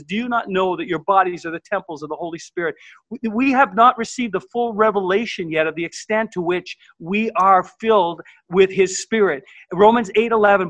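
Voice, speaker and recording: A man's voice: high-pitched, a bit bright, dry recording, rough recording. A man preaching a sermon as pastor, enthusiastic and quoting scripture, often stumbling and restarting.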